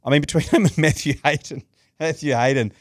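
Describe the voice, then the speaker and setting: A man's voice: on the high side, fairly quick, no room sound. Rambling New man, dry sound. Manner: rambling, many ums, teasing. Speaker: podcast co-host. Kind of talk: casual banter.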